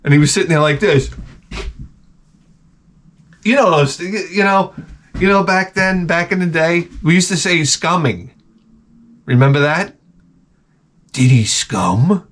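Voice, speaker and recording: A man's voice: high voice, unhurried, pauses often, a bit bright. A man in his forties telling rambling, profane comic anecdotes in casual chat as a podcast host.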